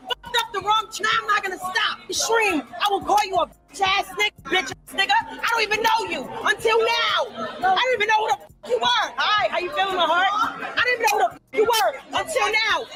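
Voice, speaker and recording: A very high-pitched woman shouts and curses through a livestream rant. Loud music and crowd noise play behind her. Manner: shouting, cursing, insulting. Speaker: streamer.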